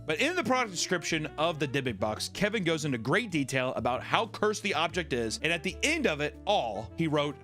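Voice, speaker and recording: A man's voice: fairly high pitch, fairly quick, few pauses, soft background music. A man hosting a comedy podcast, telling a story with jokes and silly voices. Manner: animated, jokey, swings into silly voices. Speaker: podcast host.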